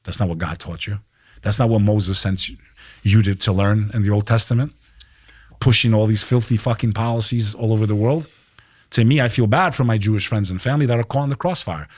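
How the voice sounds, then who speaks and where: Heated, low-voiced middle-aged American man. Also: fairly quick, no echo. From United States. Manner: heated, emphatic, profane, keeps saying "bro". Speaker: podcast guest. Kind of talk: impassioned podcast talk.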